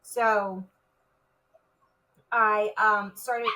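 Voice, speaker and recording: A woman's voice: medium pitch, little pitch movement, extremely slow, bright, forceful tone, far from the mic, low-quality recording. A woman, a retired police officer, recounting a personal story in an interview, vividly and with many "like" fillers.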